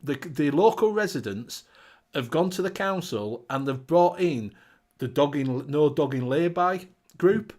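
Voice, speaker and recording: Man, fairly high voice, casual chat host, laughs a lot, swears freely. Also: animated, a little slow, a little mellow. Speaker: host of a live chat show. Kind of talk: casual chat, reading viewer comments.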